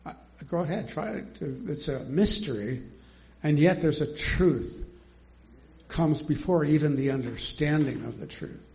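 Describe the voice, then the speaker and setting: Older male Bible teacher, gravelly and a bit high, informal and chuckling, muffled lo-fi recording. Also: expressive, unhurried, darkish tone. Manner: chatty, rhetorical questions, chuckles often.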